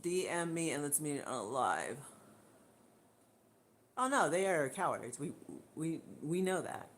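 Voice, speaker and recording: A woman's voice: low-pitched, big pitch swings, unhurried. A woman hosting a livestream and speaking straight to her camera in a blunt, indignant rant, often repeating her points. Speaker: livestream host. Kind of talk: casual live rant to camera. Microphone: camera mic.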